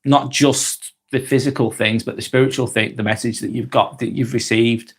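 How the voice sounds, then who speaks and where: A man hosting a live vlog, thinking out loud in casual chat and swearing freely as he restarts his sentences. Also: mid-range voice, steady tone, moderate pace, slightly rough. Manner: earnest, swears freely, many restarts and trailing phrases. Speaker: live vlog host reading chat comments.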